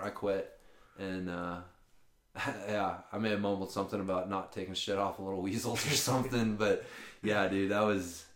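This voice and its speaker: A man co-hosting a podcast, telling stories in a casual, profane, animated way. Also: low-pitched, normal speed. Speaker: podcast co-host. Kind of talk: casual chat, storytelling. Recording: roomy echo.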